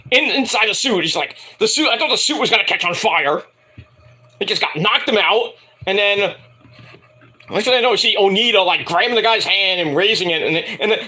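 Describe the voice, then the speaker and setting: A man's voice: sits high, sharp tone. A man reviewing a wrestling show in a casual, profane, rambling and jokey solo commentary.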